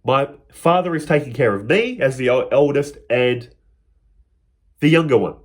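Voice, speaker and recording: Husky man telling a parable. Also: medium pitch, expressive, moderate pace. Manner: retells a parable, slipping into its characters' quoted lines. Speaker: spiritual teacher. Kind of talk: reflective spoken teaching.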